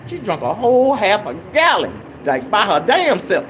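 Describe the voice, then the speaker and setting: A young man casually telling a rambling, profane story in an animated way. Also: high-pitched, normal speed, noisy background. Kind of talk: casual anecdote.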